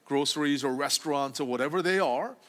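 A man's voice: on the high side, a little fast, a bit bright. A man preaching a conversational sermon to a congregation in a church, often checking in with "right?" as he explains. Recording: long hall reverb.

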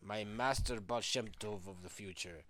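A man's voice: lowish voice, moderate pace, a bit bright, pitched below the performer's own voice, natural voice. A man voicing a loyal young male Russian spaceship pilot in a bedtime story, with an attempted Russian accent and a dutiful, formal manner.

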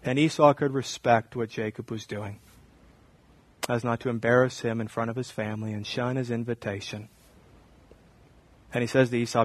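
A man, a pastor, preaching a sermon, shifting from quiet reflective teaching to loud mocking mimicry. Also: mid-range voice, steady tone, moderate pace, long pauses.

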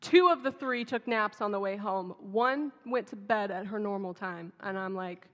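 A woman's voice: medium pitch, moderate pace, few pauses, fairly bright tone. Woman pastor, chatty sermon, dull audio with long church reverb. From Texas. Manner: storytelling, conversational and humorous. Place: church sanctuary.

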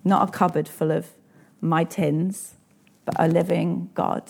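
Earnest woman preaching, gravelly edge. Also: fairly low pitch, flat delivery, a little slow, noisy background. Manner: earnest, personal, asks the listener questions. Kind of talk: sermon.

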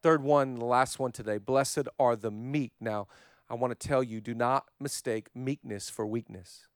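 A man preaching a sermon as pastor, swinging from loud fervent repetition down to soft, low, hushed passages and speaking straight to viewers online. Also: fairly even intonation, normal speed, clear, resonant tone, dry recording, studio quality. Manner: addresses online viewers directly.

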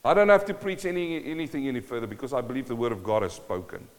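A man preaching a sermon, emphatic, swinging between loud and quiet, reading scripture slowly and deliberately. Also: medium pitch. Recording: long hall reverb.

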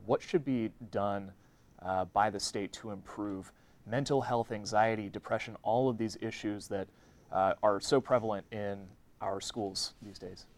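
A man's voice: lowish voice, fairly even intonation, unhurried. A man, a journalist, asking a debate question in a plain, factual way.

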